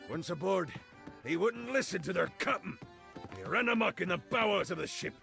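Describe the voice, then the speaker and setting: A man's voice: sits high, animated, moderate pace, vocal fry, heavily acted. An actor playing a boastful male pirate captain in a video game, speaking in theatrical pirate talk. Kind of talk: video game character dialogue. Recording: game audio over loud music. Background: loud game music.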